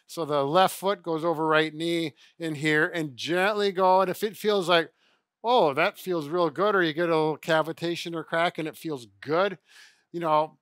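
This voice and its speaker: Bright, chatty middle-aged man. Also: fairly high pitch, steady tone, normal speed, no echo, clean studio sound. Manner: chatty, self-correcting, demonstrates exercises. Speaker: physical therapist co-host. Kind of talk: casual instructional chat.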